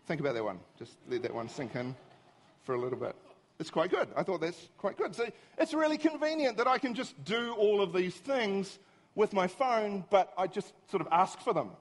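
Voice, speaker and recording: A middle-aged man giving a humorous, self-mocking storytelling talk to an audience, animated and easily exasperated. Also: high-pitched, normal speed. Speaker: speaker.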